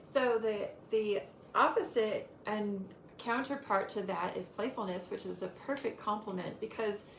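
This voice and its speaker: Gravelly-voiced woman teaching spirituality. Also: medium pitch, a little slow, few pauses, echoey room, a little hiss or hum, rough recording. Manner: leads affirmations, many "you know" fillers. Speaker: spiritual teacher hosting the episode.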